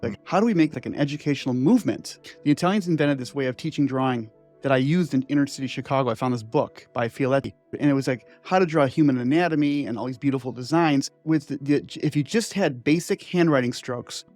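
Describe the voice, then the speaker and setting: A man's voice: medium pitch, fast, darkish tone, faint music behind. A man in his sixties, an inventor telling his story in a loose, digressive interview chat full of "like" and "right?" asides. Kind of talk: rambling conversational storytelling.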